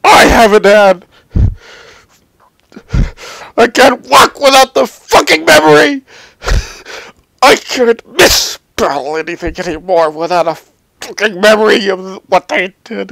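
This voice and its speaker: A man, a comedian, talking unscripted about a painful personal experience in a halting, raw, profane way. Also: high-pitched, a bit bright, dry recording, poor audio. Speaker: comedian telling a personal story.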